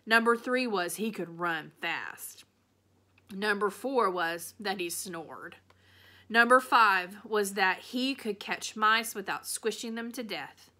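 A woman reading a children's novel aloud in a steady, even storytelling manner. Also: mid-range voice, slow. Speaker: reader.

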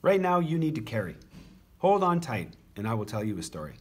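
A gentle, wise giant panda speaks slowly and kindly, voiced by a man reading a picture book aloud. The voice is a little husky and moves up and down freely. It sounds like a patient storybook teacher. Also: medium pitch, sing-song.

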